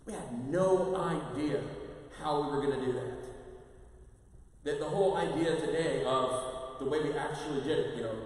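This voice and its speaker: A priest giving a parish mission talk in a conversational, animated way, acting out quotes. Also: male voice, a little high, normal speed. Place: large church. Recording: echoey church, voice from far off.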